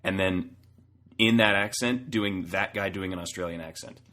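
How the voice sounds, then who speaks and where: A man guesting on a podcast, telling stories in a relaxed, casual chat. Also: low-pitched, normal speed.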